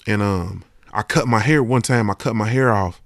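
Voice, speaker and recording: A man's voice: on the low side, moderate pace, gravelly, no room sound, clean studio sound. A man hosting a podcast in a casual, emphatic monologue, swearing freely and often checking that the listener understands. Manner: emphatic, profane, keeps asking "you understand what I'm saying". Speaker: podcast host.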